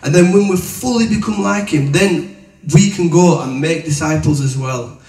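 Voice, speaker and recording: A man's voice: on the high side, normal speed, a little mellow, far from the mic. Man preaching in an echoey room. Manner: chatty, colloquial storytelling. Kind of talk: testimony and teaching. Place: room with an audience. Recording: echoey room, voice from away from the mic.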